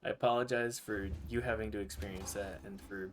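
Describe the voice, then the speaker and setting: A man's voice: fairly low pitch, fairly even intonation, fairly quick, slight background noise. Rambling male streamer. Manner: rambling, self-mocking asides. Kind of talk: casual gaming commentary.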